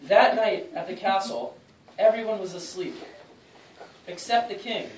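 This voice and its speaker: A woman's voice: mid-range voice, a little slow, darkish tone. A woman teacher narrates a school play, reading each line aloud so the children can repeat it. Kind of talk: storytelling narration, prompting lines. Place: school room. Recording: echoey room, distant mic, faint noise.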